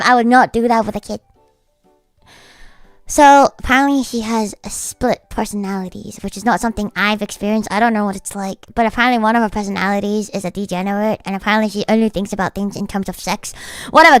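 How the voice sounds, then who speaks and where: A woman's voice: fairly high pitch, fairly quick, fairly bright tone, clear, resonant tone, no echo, clean studio sound, faint music behind. Blunt, foul-mouthed young-sounding woman streamer. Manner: blunt, profane, ranting storyteller. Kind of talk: casual livestream chat.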